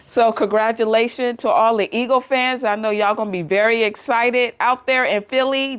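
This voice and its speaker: A woman vlogger, chatting casually to camera, emotional and quick to laugh. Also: a little high, steady tone, clear, resonant tone.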